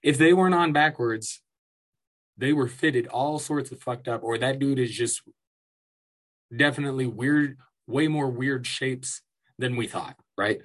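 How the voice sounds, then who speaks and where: A husky-voiced man rants at length, swearing often and mocking the people he is angry about. His voice sits at an ordinary pitch with a slightly breathy edge. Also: unhurried, fairly bright tone. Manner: angry, profane, sarcastic ranting with mocking asides. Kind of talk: ranting commentary.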